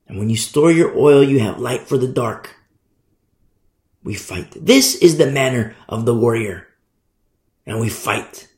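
A man preaching a sermon with fervent emphasis, swinging between loud declarations and hushed asides. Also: mid-range voice, animated, a little slow. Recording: echoey room.

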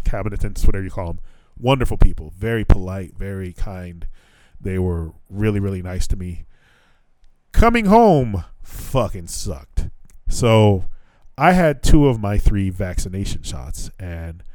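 This American man, a podcaster in his thirties, recounts a long trip in relaxed chat, cursing a lot, laughing and playing out both halves of the conversations. His voice is on the low side with a somewhat dark tone, and there's no room sound.

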